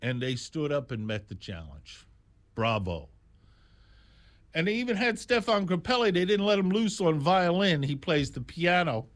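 A man in his sixties or older telling stories in a casual, animated, digressive way, full of exclamations and asides. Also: a little high, normal speed. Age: 60s or older. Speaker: jazz storyteller. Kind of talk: casual storytelling monologue.

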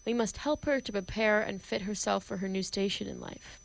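In an amateur play reading, a woman voices a domineering male professor, brusque, theatrical, and imperious. Her mid-range voice is creaky and moves at normal speed, lightly acted, on a rough recording.

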